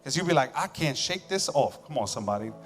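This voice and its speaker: A male pastor preaching a sermon on a church stage, conversational and joking, swinging between loud emphasis and quiet asides. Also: medium pitch, animated, fast. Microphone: stage microphone with monitors. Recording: long church hall reverb, faint music.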